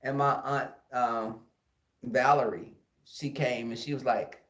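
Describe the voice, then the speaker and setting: A man from Houston with a Texan accent, telling a childhood story in an animated, casual way to his listeners. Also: medium pitch, takes it slowly. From Houston, Texas. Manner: animated, addresses listeners as y'all, acts out the scenes. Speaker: podcast host. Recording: echoey room.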